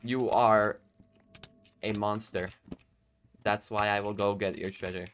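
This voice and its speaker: A man giving excitable gameplay commentary, laughing often and talking to himself and his opponents. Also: lowish voice, slow pace, slight background noise. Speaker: gaming YouTuber.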